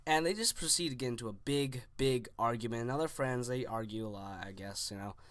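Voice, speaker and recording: A man's voice: medium pitch, fairly quick, a bit bright, no room sound. Rambling young man telling a story. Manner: rambling, full of "like" and restarts. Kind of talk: casual spoken story.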